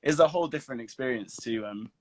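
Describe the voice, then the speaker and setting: A man's voice: medium pitch, fast, no room sound. Guy, laughing storyteller, swears a lot, dry sound. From England. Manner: animated, swears freely, laughs while telling stories. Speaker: actor guest. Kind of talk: casual chat. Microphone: video call.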